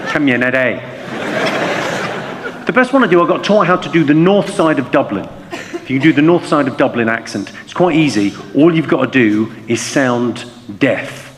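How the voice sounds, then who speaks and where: A man doing stand-up comedy with an English accent, delivering deadpan quick comebacks to the audience. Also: on the high side. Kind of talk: stand-up comedy with crowd work. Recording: live theatre, long reverb and loud noise.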